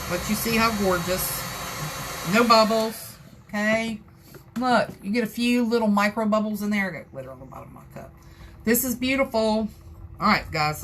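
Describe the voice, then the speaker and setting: A woman with a Southern US accent talks viewers through a craft project in a loose, chatty way. Her mid-pitched voice is folksy and rambling as she works along live. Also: a bit bright, slight background noise. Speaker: crafter hosting a live tutorial. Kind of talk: casual how-to chat.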